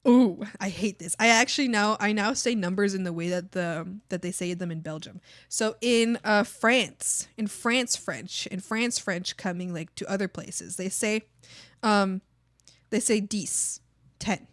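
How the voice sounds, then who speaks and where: A woman streamer in casual livestream chat, rambling and thinking aloud to her chat, swearing freely and breaking into excited exclamations. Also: mid-range voice, measured pace, no echo, clean studio sound. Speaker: art streamer.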